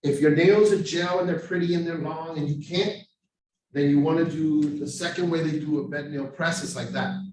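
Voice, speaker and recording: A man's voice: on the high side, moderate pace, slight background noise. A man giving a live overdose-prevention training, talking casually and animatedly. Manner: animated storytelling with acted street voices. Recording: very echoey room, far from mic.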